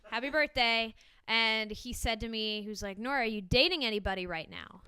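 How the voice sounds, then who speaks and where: Bright-voiced young woman doing stand-up. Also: on the high side, brisk, clear, resonant tone, no room sound. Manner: chatty, self-deprecating, frequent ums and laughs. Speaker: stand-up comedian. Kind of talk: stand-up comedy set. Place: small comedy show before a live audience.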